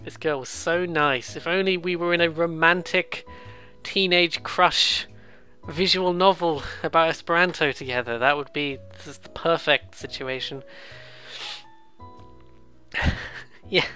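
A let's play host giving casual, giggly commentary on a game, making quick self-deprecating asides. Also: mid-range voice, bright, forceful tone, faint music behind.

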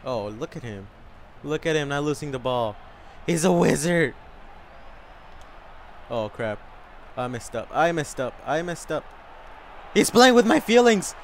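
A young man commentating his own soccer video game live, excitable and swearing, whooping and yelling at big plays. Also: mid-range voice, unhurried, pauses often, a little hiss or hum. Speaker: gamer.

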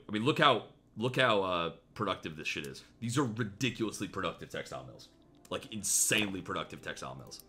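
An excitable man talks through a strategy game, veering between mutters and loud jokey outbursts. His pitch swings widely as he reacts. Faint music plays underneath. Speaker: gameplay streamer. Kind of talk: casual gameplay commentary.

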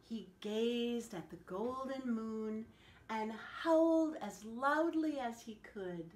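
A woman telling a picture-book story to children, animated and asking them questions along the way. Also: fairly high pitch, slow pace. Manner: animated, asks the listeners questions. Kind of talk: picture-book read-aloud. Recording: echoey room.

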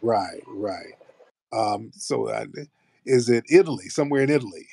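A man's voice: lowish voice, animated, normal speed, creaky, darkish tone, slightly rough, no echo, clean studio sound. An American man hosting a live audio chat, brash and profane, bantering with callers. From United States. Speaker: host of a live audio space.

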